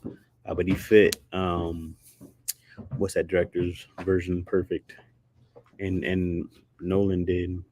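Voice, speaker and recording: A man's voice: sits low, level tone, takes it slowly, pauses often, a little mellow, a little hiss or hum. A man chatting casually on a livestream, slangy and rambling, laughing often. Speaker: streamer.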